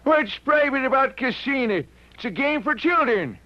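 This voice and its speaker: Cranky old country uncle. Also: male voice, very high voice, expressive, normal speed. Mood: scornful. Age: older. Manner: folksy rural drawl, blunt and cranky. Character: folksy old country uncle, eager for excitement. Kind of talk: 1940s radio acting. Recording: dull vintage radio recording.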